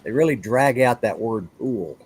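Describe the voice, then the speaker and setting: A man's voice: medium pitch, lively intonation, normal speed, darkish tone, slightly rough. A man in a casual live stream chat, laid-back and agreeable.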